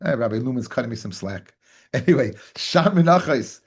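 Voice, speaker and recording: A man's voice: medium pitch, expressive, moderate pace, husky. A man, a rabbi teaching a daily Talmud class, who repeats phrases, fires rhetorical questions at his listeners, calls them "guys" and mixes Hebrew and Yiddish terms into his English.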